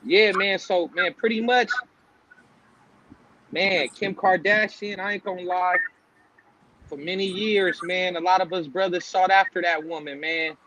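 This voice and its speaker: A man's voice: sits high, steady tone, unhurried, long pauses, sharp tone, lo-fi sound, slight background noise. A man joining a casual live-stream chat as a panel guest, talking at length and peppering his speech with fillers like "man".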